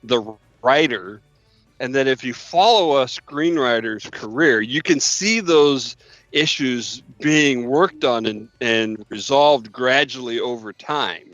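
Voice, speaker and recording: A man's voice: mid-range voice, slow pace, a bit bright, no room sound. A man hosting an interview, asking long chatty questions. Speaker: podcast host. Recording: dull lo-fi dry audio, faint music.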